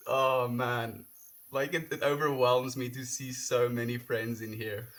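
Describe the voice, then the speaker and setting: A young man, raised speaking Afrikaans, chats loosely with his live-stream audience. His voice sits at an ordinary middle pitch, and he gushes with thanks between comments. He is outdoors, talking casually and sincerely. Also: little pitch movement, a little slow, fairly bright tone. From South Africa. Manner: gushing, heartfelt, reads chat comments aloud. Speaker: livestreamer. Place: outdoors, windy.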